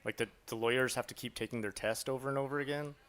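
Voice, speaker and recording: A man's voice: mid-range voice, steady tone, quick pace, a bit bright. A man live streaming from home, chatting loosely with his viewers. He rambles and jokes, filling gaps with ums and likes as he replies to messages. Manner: rambling, joking, many fillers, reads chat aloud. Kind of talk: casual live stream chat.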